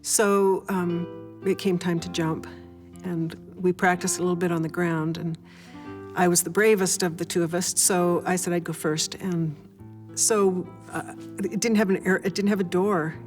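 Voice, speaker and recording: A woman's voice: on the low side, fairly even intonation, measured pace, faint music behind. An older woman recounting a story in a documentary interview, acting out the moments as she tells them. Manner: vivid storytelling, acts out moments.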